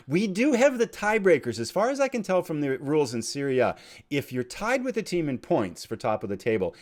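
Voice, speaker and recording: Excitable man commentating a game. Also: slight background noise. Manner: swings from low muttering to excited shouting; chatty, thinks aloud while clicking. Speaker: let's play host.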